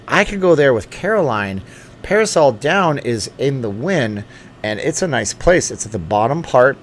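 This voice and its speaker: A man's voice: mid-range voice, big pitch swings, normal speed, a little hiss or hum. A middle-aged man hosting a casual late-night livestream from home, reading viewer comments aloud and joking with asides. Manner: chatty and joking, thinks aloud with fillers and asides. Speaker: channel host answering live chat.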